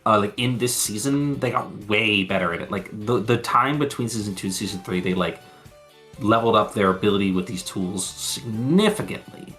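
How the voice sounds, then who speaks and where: A man's voice: lowish voice, a little fast, fairly bright tone, faint music behind. A man co-hosting a podcast, chatting casually and rambling through episode recaps, swearing freely and laughing often. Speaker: podcast co-host.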